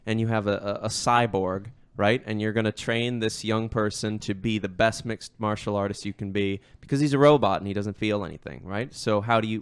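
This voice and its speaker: Smooth-voiced man telling rambling stories. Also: lowish voice. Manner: rambling storyteller, frequent fillers and restarts. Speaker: host. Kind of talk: casual conversation.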